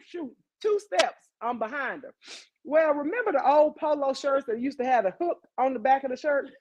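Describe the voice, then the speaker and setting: A woman hosting a podcast, telling a story in a casual, animated way, swearing freely and talking straight to her listeners. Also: high voice, low-quality recording. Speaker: podcast host.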